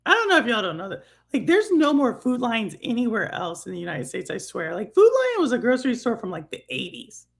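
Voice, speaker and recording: A woman's voice: a little high, huge pitch swings, fairly quick, creaky, few pauses. A woman co-hosting a podcast in casual chat, rambling and teasing over a remote online call. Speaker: podcast co-host.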